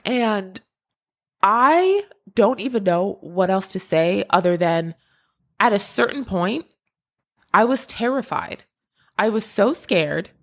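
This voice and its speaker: A woman's voice: medium pitch, animated, slow pace, pauses often, a bit bright. A woman hosting a podcast, telling a personal story in a casual, emotional way, with frequent laughs and restarts. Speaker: podcast host.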